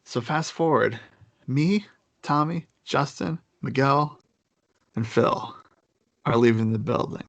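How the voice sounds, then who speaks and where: A young man with a gravelly, fry-edged voice of medium pitch speaks slowly, pausing often, close to a dry, dead-sounding mic with no room sound. He tells his story in loose, casual chat, rambling and circling back with fillers and restarts.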